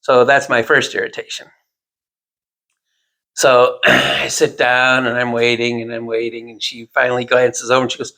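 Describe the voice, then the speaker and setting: A man's voice: mid-range voice, monotone, normal speed, vocal fry, sharp tone. A man telling a long, rambling personal anecdote in casual chat, with self-deprecating asides.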